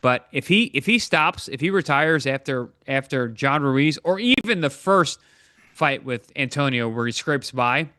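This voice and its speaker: A man's voice: medium pitch, animated, a little slow, pushed and bright, smooth, dry recording, clean studio sound. A man on a boxing panel who cuts in on others and repeats words when he jumps in. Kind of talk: panel debate.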